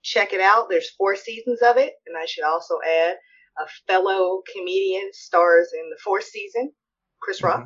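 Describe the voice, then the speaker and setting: A woman co-hosting a podcast, chatting in a relaxed, thoughtful way with some hesitations. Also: mid-range voice, normal speed, lo-fi sound. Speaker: podcast co-host. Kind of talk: casual chat.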